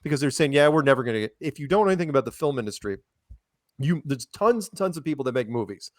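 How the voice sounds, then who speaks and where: A podcast guest with a fairly high, very animated voice tells stories fast and casually, full of restarts and asides. He imitates quoted people in raised voices, and the studio-quality audio is clean with no echo.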